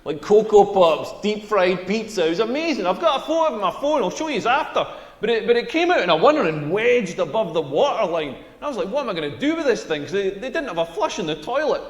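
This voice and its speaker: A man's voice: high voice, sing-song, quick pace. A young man with a Scottish accent playing a crude stand-up comedian who rambles through stories in a comedy routine. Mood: rambling. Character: crude young male comedian bombing on stage. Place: comedy stage in a hall. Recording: echoey hall.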